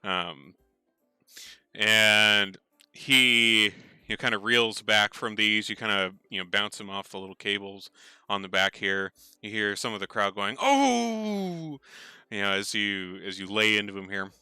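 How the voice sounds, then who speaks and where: Bright, crisp-voiced casual game master man. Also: on the low side, flat delivery, moderate pace, no echo. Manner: casual, rambling with many fillers, laughs easily. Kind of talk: narrating a tabletop game online.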